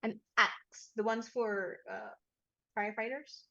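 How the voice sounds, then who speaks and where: A woman's voice: fairly high pitch, fairly even intonation, slow, sharp tone, lo-fi sound. A woman narrating a tabletop game as game master, chatty and laughing often.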